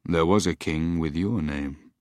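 A man voicing a mysterious old wizard who speaks in low, slow, cryptic lines. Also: darkish tone, dry recording, clean studio sound.

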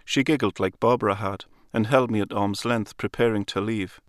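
Low-voiced man narrating a story. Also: dry recording, clean studio sound. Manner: calm, measured storytelling. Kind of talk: literary audiobook narration.

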